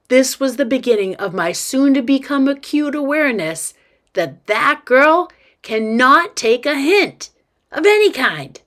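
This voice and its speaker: Expressive woman reading a novel aloud. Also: high-pitched, a little slow. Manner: expressive first-person narration. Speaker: teacher.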